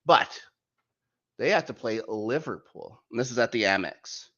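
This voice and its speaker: At a normal speed and with a mid-range voice, a man runs a casual football podcast, lively and jokey as he reads off the week's fixtures. It's all captured in muffled, lo-fi sound.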